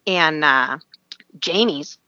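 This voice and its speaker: Animated woman from Alaska telling a story. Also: deep voice, drawn-out words, no room sound, lo-fi sound. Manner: animated, laughs often, many fillers. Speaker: guest. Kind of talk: casual storytelling.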